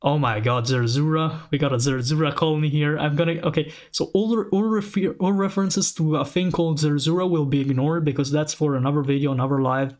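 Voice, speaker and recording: A man hosting a casual commentary, reading lore aloud and reacting with excited, rambling asides. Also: a little high, brisk, hardly any pauses. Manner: excitable, rambling, frequent restarts and exclamations. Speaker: channel host.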